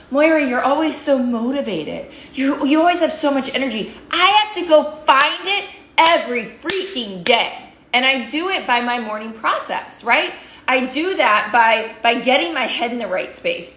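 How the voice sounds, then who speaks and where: A woman's voice: sits high, pushed and bright. Woman coach, emphatic motivational speaker who hammers points through repetition; recorded in a roomy, echoey space. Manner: fired-up, emphatic, repeats phrases for emphasis. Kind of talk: motivational talk to followers. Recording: roomy echo.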